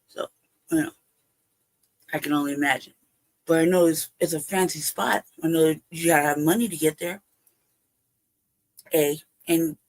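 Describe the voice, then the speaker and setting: A livestream host telling a personal story casually, heavy with profanity, laughing often and acting out both sides of a conversation. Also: medium pitch. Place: home livestream setup.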